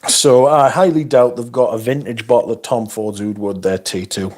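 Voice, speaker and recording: A man's voice: medium pitch, fairly even intonation, moderate pace. A man hosting a casual livestream. He reads viewer comments aloud and answers them bluntly, swearing often and adding asides. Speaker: livestream host. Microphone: phone.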